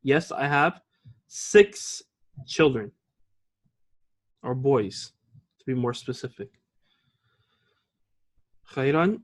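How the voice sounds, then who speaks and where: A man's voice: medium pitch, lively intonation. A man teaching an Arabic grammar lesson, explaining patiently and often checking with the class. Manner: reads example lines slowly and clearly.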